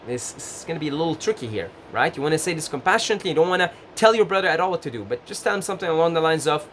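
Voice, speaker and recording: A man giving gentle, casual advice straight to the camera, full of fillers and restarts. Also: fairly high pitch, lively intonation, racing, hardly any pauses, slight background noise. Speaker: advice vlogger.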